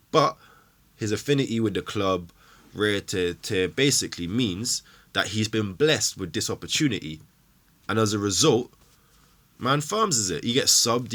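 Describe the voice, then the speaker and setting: Angry man ranting, bright voice. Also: medium pitch. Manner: angry, swearing, emphatic rant. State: emotional. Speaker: football fan show host. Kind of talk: ranting fan commentary.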